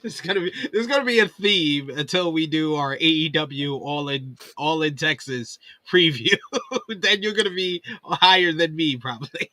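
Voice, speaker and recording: Man co-host, high bright voice, wry and sarcastic, casual chat. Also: moderate pace, no echo. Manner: wry, sarcastic, laughs often. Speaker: podcast co-host. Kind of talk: casual wrestling preview chat.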